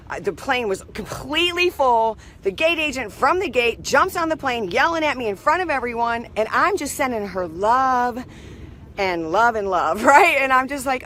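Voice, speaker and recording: A woman's voice: fairly high pitch, pushed and bright, slight background noise. A woman hosting a live video, telling a rambling personal story in a chatty way and greeting viewers as they join. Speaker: live stream host.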